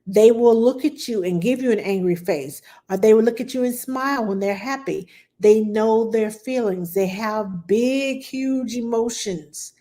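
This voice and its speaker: A woman at middle pitch, speaking as a nanny taking viewer questions about babies. She is casual and reassuring, stressing points with a run of "yes." She acts out baby sounds and her own quoted lines with lively energy. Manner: reassuring, repeats "yes" for emphasis. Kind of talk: casual Q&A talk.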